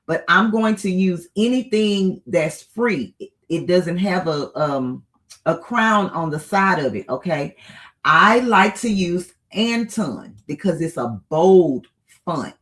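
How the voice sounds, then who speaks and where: A tutorial host walking viewers through software steps one at a time, often checking in with "okay?" or "right?". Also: mid-range voice, animated. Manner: unhurried, with occasional filler pauses. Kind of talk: screen-share software tutorial.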